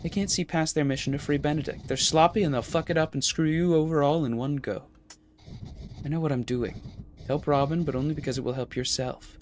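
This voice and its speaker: A man voicing a scheming demon in a game, smooth and coaxing with an edge of menace. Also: on the high side, steady tone, fairly quick, darkish tone, slight background noise, close to an everyday voice.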